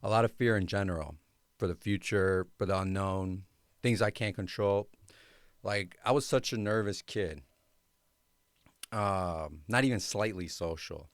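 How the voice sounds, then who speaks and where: A man's voice: sits low, unhurried, dry recording, studio quality. A young man hosting a podcast, telling his personal story in a casual, slangy way with lots of fillers. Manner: laid-back, slangy, many fillers. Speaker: podcast host.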